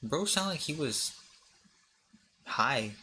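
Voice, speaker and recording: A man's voice: mid-range voice, normal speed, pushed and bright, a little hiss or hum. A man streaming as a VTuber, reading articles aloud for chat, joking, tripping over words and breaking off to laugh.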